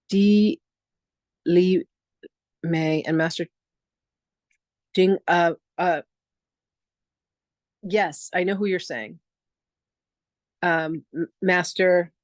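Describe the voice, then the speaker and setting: A woman with a medium voice hosts a live online class and tells her story casually. She jumps into quoted voices with lively energy. The sound is dry and close, like a computer mic on a video call. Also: on the low side, drawn-out words, pauses often, dry recording. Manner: chatty, animated, acts out quotes in a lively voice. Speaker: spiritual teacher hosting a free online masterclass.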